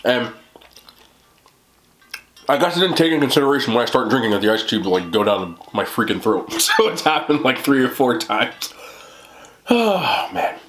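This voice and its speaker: A man's voice: medium pitch, lively intonation, fairly quick, pauses often, noisy background. A tired man from New York rambling casually to his camera at home late at night, chatty and self-deprecating, laughing often. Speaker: mukbang vlogger.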